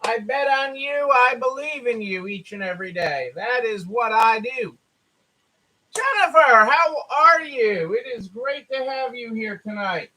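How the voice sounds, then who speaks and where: Tired male live-stream host, very high voice, chatty and repetitive. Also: animated, measured pace, sharp tone, rough recording. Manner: chatty, repetitive, greets viewers by name. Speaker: store owner hosting a live stream. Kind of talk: casual live-stream chat.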